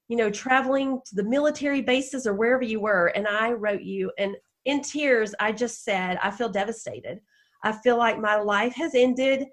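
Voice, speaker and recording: A middle-aged woman from the American South, a guest author telling a personal story in an emotional, animated way. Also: fairly high pitch.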